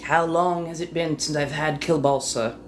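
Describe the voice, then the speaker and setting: Low-voiced and moderately paced, a woman hosts a live stream at home, chatting casually with viewers. Steady room noise sits behind her teasing, flirty talk, which is full of innuendo and muttered asides.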